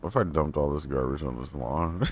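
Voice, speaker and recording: A man's voice: very deep voice, brisk, slight background noise. A young man streaming a game, chatting casually to himself in a rambling, profane way. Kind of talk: casual livestream chat while playing a game.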